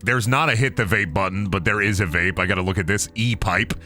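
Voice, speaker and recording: A man streaming a game, talking in goofy, excitable, profanity-heavy commentary. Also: fairly low pitch. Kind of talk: casual gameplay commentary.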